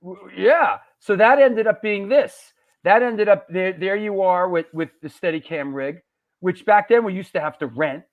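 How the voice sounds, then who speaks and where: A man chatting casually and excitedly about old shoots, with swearing and street slang. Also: high voice, moderate pace, narrow, tinny audio. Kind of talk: casual chat on a livestream.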